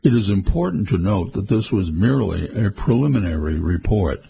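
A man reading a news report in a measured, formal way. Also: lowish voice, very animated, vocal fry, warm tone, slight background noise. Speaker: news narrator. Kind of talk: scripted news narration.

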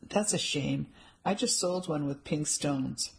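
A woman's voice: deep voice, slow pace, gravelly, heavily acted. A woman voicing a short, tattooed male pawn shop salesman with chummy sales patter in an audiobook.

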